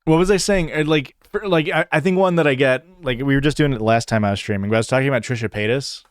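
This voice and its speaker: A man's voice: mid-range voice, fast talker, no echo. Chicago-accented young man rambling on stream. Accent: Chicago-area Midwestern American. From northern Illinois, USA. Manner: rambling, lots of "like" fillers and profanity. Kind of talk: casual chat answering chat. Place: home streaming setup.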